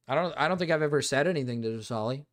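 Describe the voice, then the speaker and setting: A man streaming live, chatting casually with his viewers, animated and swearing freely while repeating himself. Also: mid-range voice, very fast. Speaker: streamer reacting to chat. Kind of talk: casual livestream chat.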